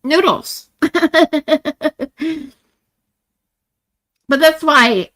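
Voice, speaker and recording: A woman's voice: mid-range voice, normal speed, fairly bright tone. A woman live-streaming in casual chat, rambling and chatty with a stuffy nose. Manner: rambling, chatty, with frequent restarts. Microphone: streaming mic.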